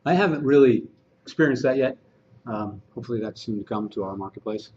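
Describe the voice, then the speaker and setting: Animated man giving a training talk. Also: medium pitch, brisk, lo-fi sound, slight background noise. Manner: animated, conversational, acts out dialogue. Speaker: real estate agent and trainer. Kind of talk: training presentation to a room.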